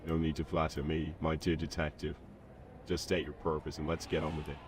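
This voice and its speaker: A man's voice: a little fast, a little hiss or hum. A text-to-speech male voice playing a pompous circus lion tamer in a game, formal and dismissive. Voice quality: very deep, flat, formal. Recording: game audio with music behind.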